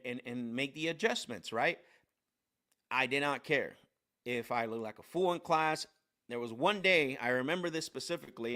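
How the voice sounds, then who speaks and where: Energetic man coaching on a live stream. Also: medium pitch. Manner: energetic storytelling, many restarts and fillers.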